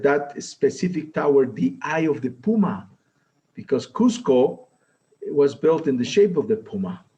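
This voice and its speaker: A man, speaking as a guest in a halting way, pausing often to search for words. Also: a little high, mellow, rough recording. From Peru. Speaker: guest, ceremony leader. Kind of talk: conversational interview.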